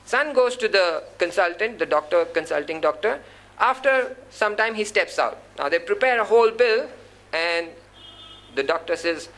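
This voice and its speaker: In a gathering hall, a male Islamic preacher delivers an earnest, admonishing sermon, acting out the people he quotes. His voice is high and animated at a normal speed, a bit bright, and the recording is rough.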